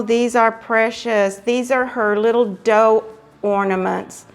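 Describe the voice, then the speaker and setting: Woman craft vlogger, effusive and exclaiming, slow-paced and high-pitched. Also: fairly even intonation. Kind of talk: casual chat, unboxing mail.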